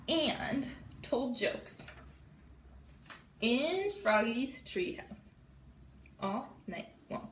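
A woman teacher reading a storybook aloud to children and explaining it, slow and expressive, with sound effects, in an echoey room with faint background noise. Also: fairly high pitch, far from the mic.

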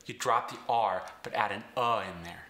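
Guy teaching sounds step by step, low and bright, roomy echo. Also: normal speed. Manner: clear step-by-step instruction. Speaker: accent coach. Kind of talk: instructional explanation.

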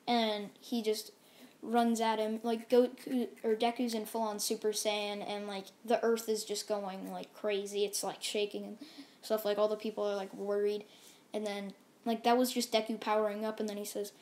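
A woman's voice: medium pitch, little pitch movement, normal speed, a little mellow. A woman casually narrating a fan-made story, rambling and full of fillers.

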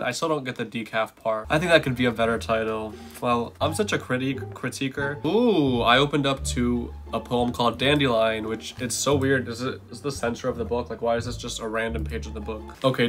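A man's voice: mid-range voice, a bit bright. Playful young man reading and commenting. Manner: playful, chatty, quick asides. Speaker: vlogger.

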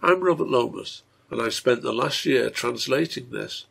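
A man reading a serialized story aloud in a measured way. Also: mid-range voice, animated, creaky, fairly bright tone, slightly rough. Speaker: reader and translator.

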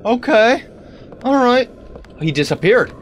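A man giving let's-play commentary on a game, animated and talking back to the things on screen with sudden exclamations. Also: very high voice, slow, slight background noise. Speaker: gaming video creator.

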